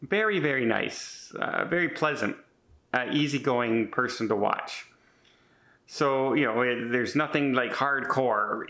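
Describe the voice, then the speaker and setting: Rambling through a casual vlog with many restarts, a Canadian man in his fifties comes across as earnest and a bit defensive. His mid-range voice is pushed and bright, delivered at a measured pace.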